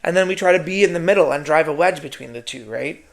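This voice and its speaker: A man's voice: on the high side, fast, vocal fry. A man hosting his own podcast, delivering a sassy, profane solo monologue and often adding "right?". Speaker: podcast host.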